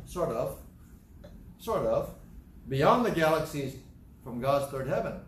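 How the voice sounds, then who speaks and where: Emphatic preacher, echoey distant voice. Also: male voice, fairly high pitch, big pitch swings, unhurried, a little hiss or hum. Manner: emphatic, repeats phrases, asks and answers own questions. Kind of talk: sermon, Bible teaching.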